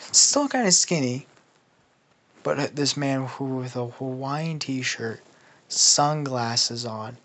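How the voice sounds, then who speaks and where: A man's voice: mid-range voice, a bit bright. A man casually making up a story as he goes, rambling and swearing, with lots of restarts. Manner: rambling and profane, with many restarts and laughs. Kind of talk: casual improvised fan storytelling.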